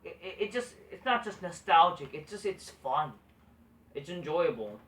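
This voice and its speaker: A man's voice: fairly high pitch, big pitch swings, moderate pace, fairly bright tone, far from the mic. A man hosting a wrestling review vlog, ranting with heavy profanity and frequent restarts. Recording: echoey room, voice off-mic.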